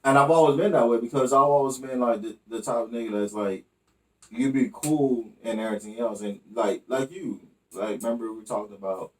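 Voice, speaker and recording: A man's voice: mid-range voice, brisk, distant mic. A man co-hosting a podcast, telling loose, profane stories in casual chat and often asking "you know what I mean". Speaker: podcast co-host.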